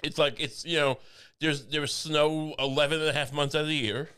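A podcast co-host with a bright, forceful voice that sits a little high for a man. He chats casually and jokes, rambling along with frequent stammers and restarts. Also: steady tone, normal speed, clean tone. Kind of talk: casual chat.

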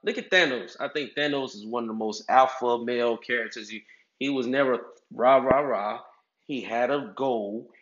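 A man's voice: mid-range voice, normal speed, fairly bright tone. A man, giving casual advice and acting out other people's voices with big swings. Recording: echoey, slightly dull sound.

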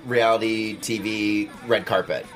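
A man's voice: lowish voice, steady tone, a little slow, a bit bright. A man co-hosting a casual TV recap panel, easygoing and agreeable. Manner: easygoing, agreeable, laughs often. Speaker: podcast co-host.

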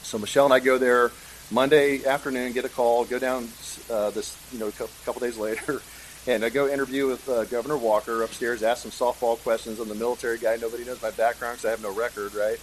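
A middle-aged man telling a story in a casual interview, animated and acting out the voices of people he quotes. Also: medium pitch, fast, slight background noise, rough recording. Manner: animated, acts out quoted voices, chuckles often. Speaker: guest, state senator.

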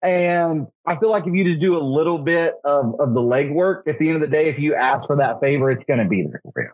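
A man's voice: a little high, fast, dry recording. A young man rambling through college stories in casual podcast chat, saying "like" a lot. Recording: slightly dull podcast audio.

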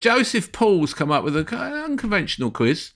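Animated man hosting a chat. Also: high-pitched, normal speed. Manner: animated, reads listener emails with laughs. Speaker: podcast host. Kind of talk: casual chat.

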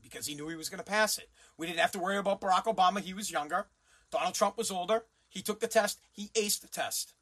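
A man's voice: high voice, quick pace, sharp tone. A man hosting a commentary show, ranting bluntly and sarcastically and swearing freely.

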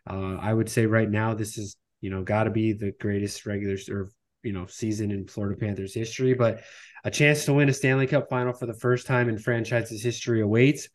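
A man's voice: lowish voice, steady tone, brisk. A man hosting a fan podcast in casual sports chat, summing things up and passing the talk to his co-hosts. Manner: wraps up and hands over to co-hosts. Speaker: podcast host.

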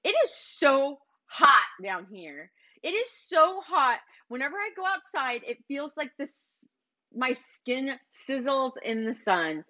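A woman's voice: sits high, big pitch swings, takes it slowly, bright, forceful tone, dull audio, exaggerated voice. Woman doing a whiny fed-up man. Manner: whining, exasperated.

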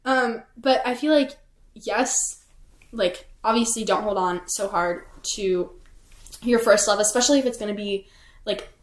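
A teenage girl chats casually as a podcast co-host, her mid-pitched voice ringing in an echoey room. She leans on "like" and "um" as she talks. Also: unhurried. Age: teens. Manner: chatty, heavy use of "like" and "um". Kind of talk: casual chat.

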